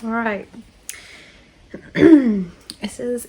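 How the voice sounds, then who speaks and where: A woman's voice: medium pitch, unhurried, long pauses, darkish tone, breathy edge. A woman vlogger opening mail on camera, chatty and rambling, gushing and laughing often. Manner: gushing and emotional. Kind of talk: casual chat.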